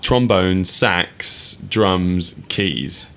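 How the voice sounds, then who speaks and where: A man's voice: low-pitched, extremely slow, vocal fry, a bit bright. A young man co-hosting a casual radio show, rambling enthusiastically and laughing often. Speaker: radio co-host.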